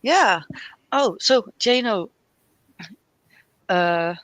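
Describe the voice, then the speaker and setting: Chatty woman, slow and bright. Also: medium pitch, lively intonation, no room sound. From Spain. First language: Spanish. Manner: rambling, chatty, laughs often, trails off mid-sentence. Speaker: tarot reader, livestream co-host. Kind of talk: casual livestream chat.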